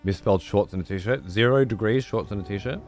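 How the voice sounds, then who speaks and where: A man streaming a video game, chatting casually and swearing freely with excitable outbursts. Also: fairly low pitch, fairly quick, faint music behind. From United Kingdom. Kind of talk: casual gameplay livestream chat.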